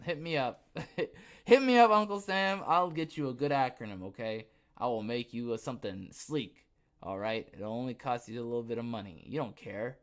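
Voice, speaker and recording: A young adult man hosting a podcast, reading news aloud and breaking off into sarcastic asides, with many fillers and restarts. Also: mid-range voice. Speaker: podcast host.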